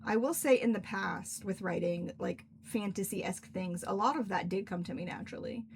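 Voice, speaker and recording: A woman's voice: medium pitch, normal speed, gravelly, slight background noise. A young woman hosting a casual livestream Q&A as an author, rambling and filler-heavy as she answers questions. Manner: chatty, rambling, frequent "like" fillers. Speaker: author and stream host. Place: indoors at home, in cosplay.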